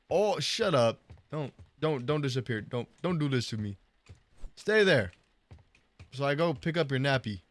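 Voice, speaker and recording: Male gamer commentator: excitable and jokey, with lively pitch swings. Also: normal speed, pauses often. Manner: excitable, laughing, coos at the baby in a high voice. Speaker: gaming YouTuber. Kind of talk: casual let's-play commentary.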